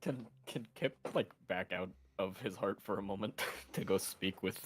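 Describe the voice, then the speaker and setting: A man playing in a tabletop game, speaking hesitantly with halting starts. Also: deep voice, soft background music. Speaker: player.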